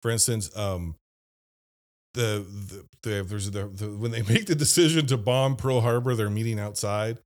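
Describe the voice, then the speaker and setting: A man's voice: on the low side, moderate pace. A man from Ohio hosting a casual movie-review podcast, laughing often and mimicking lines from films. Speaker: podcast host.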